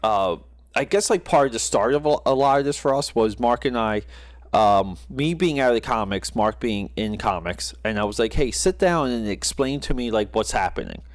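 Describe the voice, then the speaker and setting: A man's voice: mid-range voice, animated, moderate pace, no room sound. A man co-hosting a casual podcast, rambling with many restarts and frequent laughs. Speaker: podcast co-host. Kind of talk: casual podcast chat about comics.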